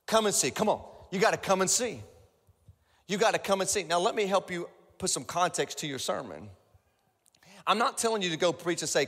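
A male pastor preaching a sermon, energetic and repetitive, building up to shouts. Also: high-pitched, brisk, long pauses. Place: large church auditorium. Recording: echoey large hall.

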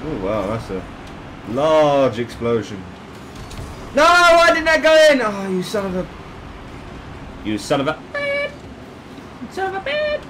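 Excitable man yelling at gameplay. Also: fairly high pitch, a little slow, pauses often, noisy background. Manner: excitable, yelps and shouts at plays, swears, laughs often. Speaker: gamer commentating his own play. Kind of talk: gameplay commentary.

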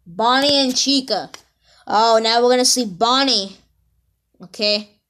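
A woman rambling excitedly through casual reaction commentary, talking straight to her viewers. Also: a little high, measured pace, slight background noise. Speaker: reaction video host. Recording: music under the voice. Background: video music playing.

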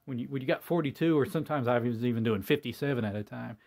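A man's voice: mid-range voice, fast talker, gravelly, darkish tone. A man hosting his own hobby channel, talking casually and ramblingly with lots of fillers, in a folksy, self-deprecating way. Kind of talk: casual talk to camera.

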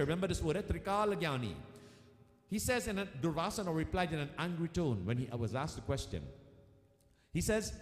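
A man leads a devotional talk in a high, lively voice that rises and falls a great deal. He tells a scripture story to his devotees and repeats his main points. The recording sounds roomy, with a long reverb trailing each phrase. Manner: storytelling, repeats key lines for emphasis; addresses listeners as devotees. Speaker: spiritual speaker. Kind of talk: devotional discourse. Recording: echoey room with long reverb.

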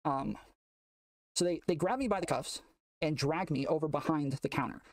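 A man telling a long story in casual chat, rambling with many fillers and getting excitable, recorded from a distance off the mic. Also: a little high, normal speed, no echo. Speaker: guest telling a prison story.

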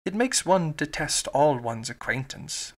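A man voicing a rude, grumbling gentleman in an audiobook, dry and complaining. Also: on the high side, animated, a little slow.

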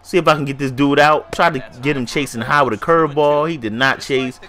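A man's voice: fairly high pitch, a little fast, sharp tone. A man with a stuffy nose giving casual, hyped gameplay commentary, slangy and talking straight to his viewers. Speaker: gaming YouTuber.

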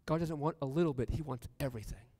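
A man's voice: fairly high pitch, fast talker, warm tone, no room sound, long reverb tail. A man preaching a sermon in a church, repeating lines with building emphasis. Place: church sanctuary.

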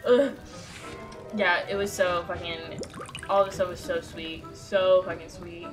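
A woman's voice: fairly low pitch, little pitch movement, measured pace, low-quality recording. A young woman casually chatting and swearing while streaming a video game, reading lines aloud. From United States. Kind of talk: casual gameplay commentary. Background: game music.

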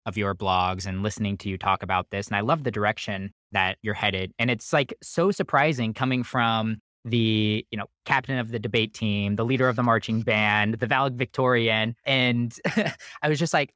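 A man's voice: lowish voice, normal speed, a bit bright, no echo, clean studio sound. A man in his twenties hosting a podcast, thoughtful and admiring, asking long questions. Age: 20s. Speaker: podcast host. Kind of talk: conversational podcast interview.

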